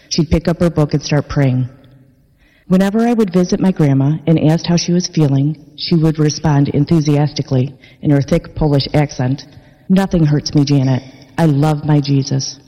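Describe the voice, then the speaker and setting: A woman parishioner reading her personal faith testimony in an earnest, measured way in a church. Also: low-pitched, mellow. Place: large church worship space. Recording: long church reverb.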